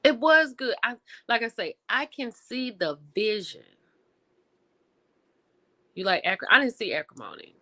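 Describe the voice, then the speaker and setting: A woman hosting a livestream, chatting casually with her viewers and reacting with lively exclamations. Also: on the low side. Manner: animated and expressive, with exclamations; talks to viewers directly, reading and answering chat. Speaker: livestream host reviewing TV and film.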